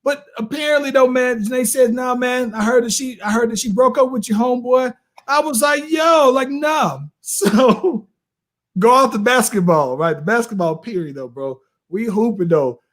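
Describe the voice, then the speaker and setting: A man in his late thirties, co-hosting a podcast and telling a story in an animated, slangy way, often tossing in "bro" and "right?". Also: extremely high pitch, moderate pace. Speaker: podcast co-host. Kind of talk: casual storytelling chat.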